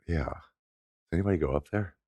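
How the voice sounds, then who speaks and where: American man guesting as a comedian, very deep voice, animated storyteller who laughs a lot. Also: normal speed, no room sound. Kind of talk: casual chat.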